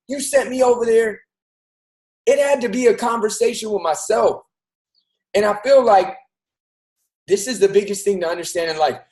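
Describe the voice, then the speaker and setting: A man's voice: high voice, a little mellow, low-quality recording. A man hosting a show, giving an earnest, casual motivational talk straight to his listeners. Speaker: host.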